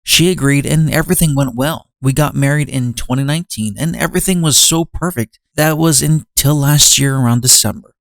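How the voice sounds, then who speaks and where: A man's voice: mid-range voice, a little fast, gravelly, hardly any pauses, fairly bright tone, dry recording. A man hosting a show, reading an online story aloud and breaking in with exasperated comments of his own. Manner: reads first-person posts aloud, breaks in with exasperated asides.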